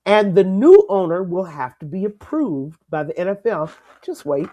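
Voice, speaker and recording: An older woman co-hosting a casual sports talk show, lively and emphatic, laughing easily. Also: fairly low pitch, normal speed. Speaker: co-host.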